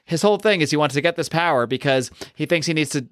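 A man in a casual comics podcast chat, rambling and animated, with side rants. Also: a little high, quick pace, no room sound, clean studio sound.

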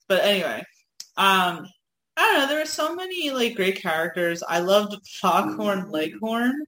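A woman's voice: medium pitch, animated, unhurried, a bit bright, a little hiss or hum. Chatty laughing woman in an echoey room. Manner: chatty, laughs often, rambling. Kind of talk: casual chat.

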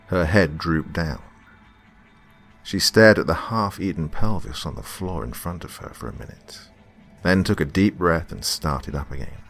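A man reading a scripted horror story in a slow, hushed, dramatic manner. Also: low voice, faint music behind. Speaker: narrator.

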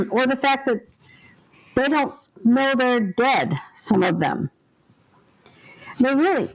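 On a rough recording, an older woman with a voice on the high side tells her stories. A ghost helper guesting on an interview podcast, she narrates with earnest vividness and acts out the voices of those involved.

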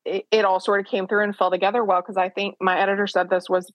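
A woman guest speaks at a middling pitch, frank and self-deprecating. She tells her story in a conversational way with quick asides. The recording is dry with no room sound. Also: flat delivery, no room sound. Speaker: author, interview guest.

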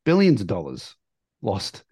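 A man co-hosting a casual podcast, telling a story in a relaxed, conversational way. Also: fairly low pitch, unhurried, husky, no echo, studio quality. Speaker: podcast co-host.

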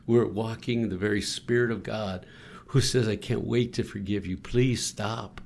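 A man's voice: on the low side, fairly even intonation, normal speed, vocal fry, darkish tone, a little hiss or hum. A man co-hosting a faith-based podcast, earnestly leading listeners through a spoken forgiveness prayer in a pastoral way. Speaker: co-host.

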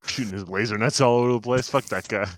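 A man's voice: mid-range voice, no echo, studio quality. A man in casual chat, cracking jokes and teasing his co-host while reviewing a movie. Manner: wisecracking, quick jokes and teasing asides.

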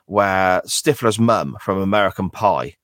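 A man's voice: deep voice, unhurried, a bit bright, dry recording, studio quality. A man co-hosting a podcast in casual chat, blunt, jokey and opinionated. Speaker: podcast co-host.

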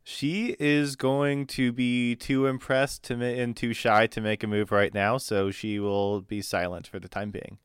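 A man narrating as game master of a tabletop game, halting with fillers and restarts. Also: medium pitch, little pitch movement, smooth, dry recording, clean studio sound.

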